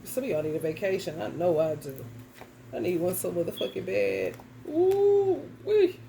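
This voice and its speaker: Woman, tarot vlogger, gravelly and profane, blunt rant to camera. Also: low voice, a little fast, dark tone, a little hiss or hum. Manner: blunt, profane, ranting straight at the viewer. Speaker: tarot reader. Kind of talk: casual tarot reading vlog.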